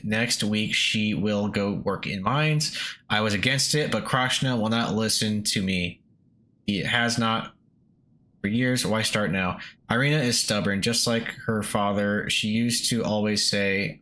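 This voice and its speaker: A man's voice: on the low side, a bit bright, close to an everyday voice. A man voicing an old male miner reading his journal aloud in broken English with a Russian accent.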